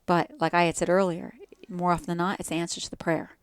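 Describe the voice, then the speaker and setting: A woman's voice: fairly low pitch, flat delivery, fast talker, clean tone, no room sound. Earnest woman with a New Jersey accent. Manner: earnest, builds lists of short repeated phrases. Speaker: guest yoga teacher. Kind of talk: reflective podcast conversation.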